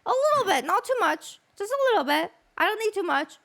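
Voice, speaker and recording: A woman hosting a casual interview stream, excitable and often stumbling over her words. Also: very high voice, fairly quick. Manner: excitable, stammering restarts. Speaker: streamer host.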